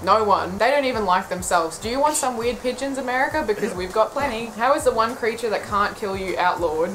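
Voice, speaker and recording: A young Australian woman answering questions about her country in a sarcastic, quick-witted way, laughing often. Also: on the high side, expressive, a bit bright, a little hiss or hum, low-quality recording. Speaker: video creator answering questions. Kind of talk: casual comedic answers.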